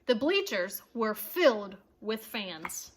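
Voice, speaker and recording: A woman reading a children's chapter book aloud, with expressive, playful storytelling and asides to her listeners. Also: medium pitch, takes it slowly, slight background noise.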